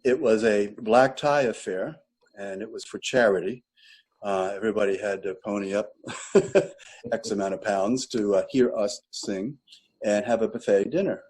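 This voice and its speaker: A man's voice: on the low side, normal speed, darkish tone, slightly rough, poor audio. An older man, a retired choral director, telling long rambling anecdotes in an interview, correcting himself as he goes. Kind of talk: relaxed interview storytelling.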